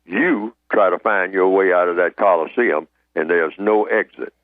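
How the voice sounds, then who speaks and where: A man speaking as the guest on a live radio talk show, telling blunt, drawn-out stories with street slang. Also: sits low, no room sound, narrow, tinny audio.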